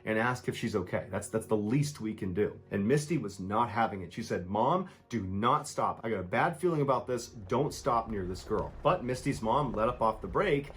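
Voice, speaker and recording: A man's voice: fairly low pitch, lively intonation, moderate pace, few pauses. A man telling true scary stories as scripted narration, with a dramatic delivery that acts out the people in the story.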